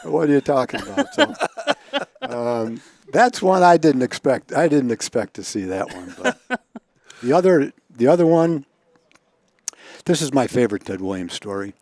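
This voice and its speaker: A man's voice: medium pitch, sing-song, measured pace, pauses often, darkish tone, dry recording. A man telling baseball anecdotes in a casual chat, chuckling often and repeating words as he goes. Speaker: guest storyteller.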